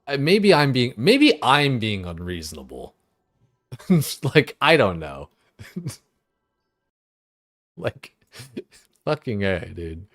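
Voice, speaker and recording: A man's voice: medium pitch, huge pitch swings, slow, long pauses, fairly bright tone, no room sound, studio quality. A young man streaming games, ranting in a loose, exasperated way, full of swearing and filler words. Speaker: gaming streamer. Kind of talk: casual livestream rant.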